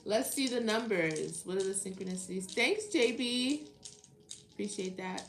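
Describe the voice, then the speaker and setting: A woman's voice: medium pitch, animated, normal speed. A woman hosting a live tarot stream, chatting playfully with viewers and reading their comments aloud. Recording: echoey room with faint music behind. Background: faint background music.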